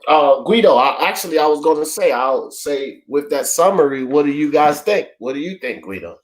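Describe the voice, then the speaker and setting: A man's voice: a little high, animated, normal speed. A man hosting a casual sports talk panel, rambling through a summary and calling on his panelists by name. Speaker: host of a sports talk show.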